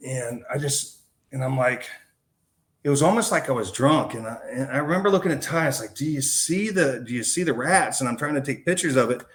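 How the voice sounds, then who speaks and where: A man, a podcast guest, recounting a personal story in a casual, slangy way. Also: mid-range voice. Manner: casual and slangy, calling the host man and dude.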